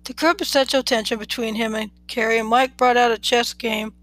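This is a podcast host reading a romance story aloud at an unhurried pace. The pitch sits in the middle of the range, and the recording is dry and close with no room sound. Small slips come through now and then in the plain, even read. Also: dry recording, rough recording.

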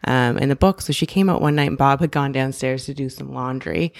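A woman's voice: extremely low pitch, fairly quick, vocal fry, no room sound, clean studio sound. A woman in her thirties, a podcast guest, telling a story in casual chat and acting out the voices. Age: 30s. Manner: animated storyteller, acts out voices.

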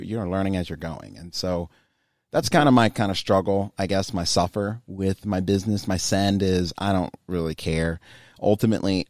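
A young man with a low voice talks frankly as an interview guest, his thoughts winding along with plenty of fillers. The sound is close and dry, with no room around it. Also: a little mellow, no room sound. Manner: candid, rambling with many fillers. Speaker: guest, climbing business owner. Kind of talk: casual interview conversation.

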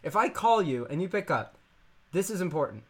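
A man's voice: sits high, sing-song, a little fast, slightly rough. A man in casual comedic chat with a friend, laughing often and acting out imagined conversations.

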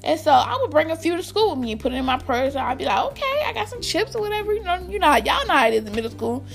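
A young woman spins a storytime for her viewers with a high, bright voice that swoops up and down all the time. She keeps turning to the audience, and she laughs often. Soft music plays faintly underneath. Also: sing-song, very fast, creaky. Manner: chatty, addresses viewers directly, laughs often. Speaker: vlogger. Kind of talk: casual storytime vlog.

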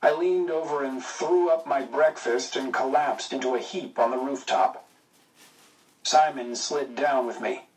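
A man narrating a story in a steady, measured reading. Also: mid-range voice, far from the mic, poor audio. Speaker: audiobook narrator. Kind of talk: scripted narration.

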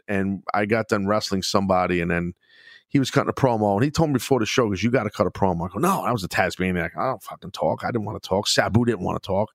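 Low-voiced, profane male storyteller. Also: no echo, clean studio sound. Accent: New York. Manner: profane, animated storytelling with laughs. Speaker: podcast host, former wrestler. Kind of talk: casual storytelling chat.

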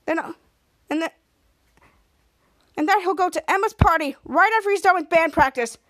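Very high-voiced woman retelling an episode. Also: moderate pace, heavy background noise. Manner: rambling, repeats words and restarts. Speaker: podcast episode recapper.

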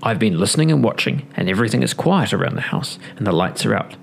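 Robber captain, low and gravelly, measured and wary, read by a male narrator. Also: expressive, slight background noise. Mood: cautious. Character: gruff male robber captain, cautious leader.

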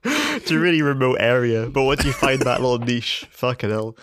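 A man's voice: mid-range voice, animated, normal speed, fairly bright tone, a little hiss or hum. Rambling sweary podcast man. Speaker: podcast co-host. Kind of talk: casual chat.

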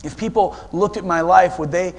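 A man's voice: high-pitched, normal speed. A middle-aged man, preaching a sermon in a conversational, storytelling way. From Ohio, USA. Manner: storytelling, conversational, with frequent restarts. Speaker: guest pastor.

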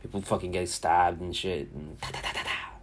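A man's voice: low voice, a little fast, a little hiss or hum. A man in his thirties hosting a casual sports talk show, rambling through stories with lots of swearing. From Miami area. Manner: profane, rambling, animated storyteller. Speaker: podcast host. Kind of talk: casual sports chat and storytelling.

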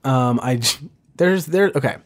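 A man hosting a casual solo podcast, rambling with many fillers and restarts, self-deprecating and talking fast. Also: mid-range voice. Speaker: podcast host.

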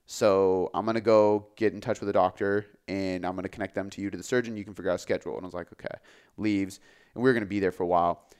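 A man who works as a fitness coach, talking casually on a podcast, relaxed and full of filler words. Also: low voice, fast, clear, resonant tone. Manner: relaxed, filler-heavy, says "like" often.

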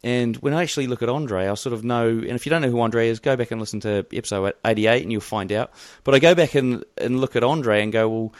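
A man's voice: mid-range voice, fast talker, hardly any pauses. A man with a mild New Zealand accent hosts a casual podcast chat. He rambles loosely, and his talk is full of fillers and restarts. The sound is dry and close, with no room echo. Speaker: podcast host.

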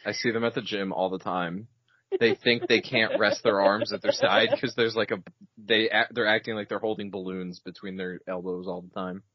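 A man's voice: on the low side, level tone, normal speed, no room sound. A young man who works retail, joking wryly and swearing in casual conversation. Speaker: retail worker. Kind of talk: casual chat. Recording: dry muffled lo-fi recording.

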